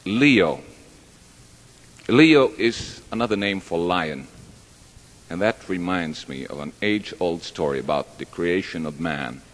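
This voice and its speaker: This man speaks slowly in a low voice with lively intonation, doing stand-up on stage before a live audience in a large hall. He rambles chattily and makes fun of himself, with long reverb from the hall in the recording.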